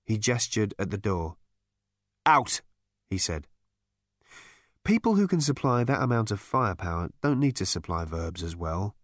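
A man narrating an audiobook with wry, dry wit. His mid-pitched voice moves with lively range, and the recording is close and dry. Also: brisk, hardly any pauses, no echo. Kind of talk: scripted narration.

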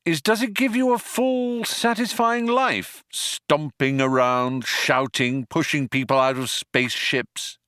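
A man voicing a quick-witted young traveler who talks in a breezy, persuasive way. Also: a little high, fairly bright tone, dry recording, studio quality, pitched above the performer's own voice. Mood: coaxing.

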